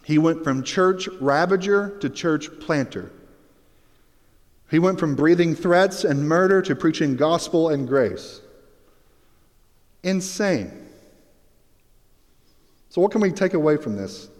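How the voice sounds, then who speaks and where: A man preaching a sermon as pastor, telling the scene with lively, acted-out storytelling. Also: a little high, takes it slowly, long pauses. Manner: animated storytelling, acts out Bible scenes. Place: church sanctuary. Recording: long reverb of a hall.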